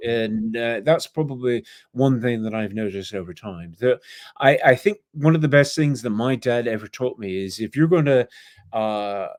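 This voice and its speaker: A man's voice: medium pitch, normal speed, darkish tone, no room sound, clean studio sound. A man from England, an author guest on a podcast, telling rambling stories full of asides. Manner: rambling, storytelling with fillers and asides. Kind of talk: casual interview storytelling.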